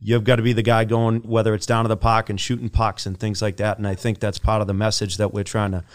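Male podcast co-host, low smooth voice, earnest advice-giver. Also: little pitch movement, fast. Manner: earnest, advice-giving, driving home a point. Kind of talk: casual podcast talk.

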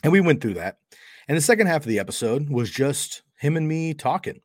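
A man's voice: fairly high pitch, very animated, brisk, no room sound, clean studio sound. A middle-aged man hosting a podcast, telling a story in a casual, conversational way and acting out the quoted dialogue. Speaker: podcast host.

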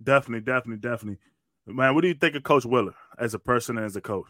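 A man's voice: mid-range voice, racing, sharp tone, no room sound, clean studio sound. A man hosting a casual interview, laid-back and full of slang, saying "man" often. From Washington, D.C. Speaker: podcast host.

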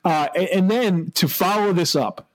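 A man's voice: sits high, moderate pace. A young man co-hosting a casual sports podcast, laughing often and restarting his sentences. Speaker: podcast co-host.

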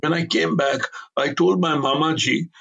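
Husky, gravelly older man telling stories. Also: on the high side, steady tone, moderate pace, a bit bright, rough recording. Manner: emphatic, digressive storyteller with blunt opinions. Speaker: author being interviewed. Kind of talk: conversational interview.

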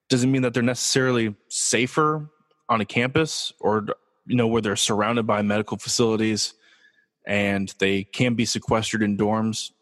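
Man, sports talk host, casual and joking, mid-pitched voice, reverberant room. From Los Angeles, USA. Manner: casual, joking, lively with rhetorical questions. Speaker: podcast host. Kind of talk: solo sports talk show.

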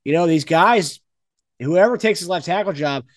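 A man hosting a sports podcast, chatty and quick to laugh. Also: fairly high pitch, no echo, clean studio sound. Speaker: podcast host. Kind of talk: casual sports podcast chat.

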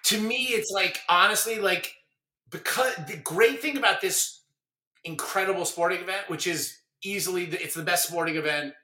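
Impassioned bright-voiced man in echoey room. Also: high-pitched, moderate pace. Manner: emphatic, filler-heavy, impassioned. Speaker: guest alum. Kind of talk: casual podcast chat. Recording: roomy echo.

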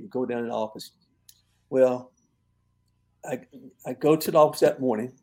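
An older man, a longtime football coach, telling relaxed stories in an interview and laughing at his own tales. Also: mid-range voice. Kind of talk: storytelling in an interview.

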